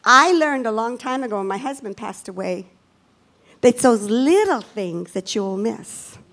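A woman preaching a sermon, animated and emphatic, with self-deprecating asides. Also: a little high, moderate pace. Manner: animated, with lively swings in emphasis.

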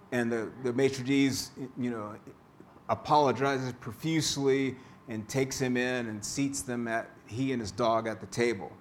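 Slow, deliberate male preacher. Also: medium pitch, steady tone, slight background noise. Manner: slow, deliberate preaching with joke-telling asides. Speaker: pastor. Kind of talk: sermon.

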